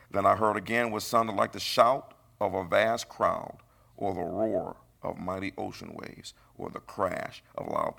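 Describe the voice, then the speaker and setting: Gravelly preacher man, bright delivery. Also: low voice. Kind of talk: sermon.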